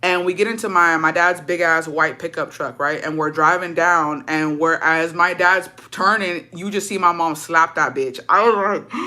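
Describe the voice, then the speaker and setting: Bright-voiced young woman telling a story. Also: on the low side, normal speed. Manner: profane, slangy, mixes in Spanish phrases; animated, dramatic retelling. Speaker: storytime vlogger. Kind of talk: casual storytime.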